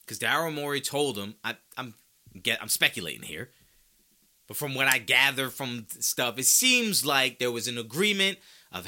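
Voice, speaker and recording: A man's voice: mid-range voice, sing-song, normal speed, pushed and bright. A man hosting a sports podcast, ranting with strong opinions, casual slang and rhetorical questions. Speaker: podcast host.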